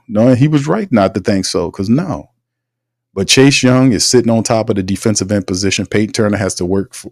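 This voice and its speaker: A man hosting a casual sports commentary livestream, slangy and animated, greeting viewers in the chat. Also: on the low side, no echo, clean studio sound. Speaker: host.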